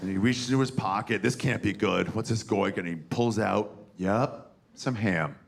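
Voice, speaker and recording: A man in his forties doing a crude, animated stand-up comedy set on a theater stage, acting out characters as he tells stories. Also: lowish voice, normal speed, gravelly. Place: theater stage before a live audience. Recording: noisy live room with audience laughter.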